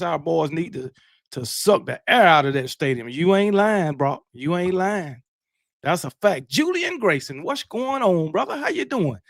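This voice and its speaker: A man's voice: a little high, vocal fry, no echo, clean studio sound. A man hosting a late-night live stream, chatting casually and greeting viewers from the chat. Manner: loud hype shouting, then laid-back reading of chat names.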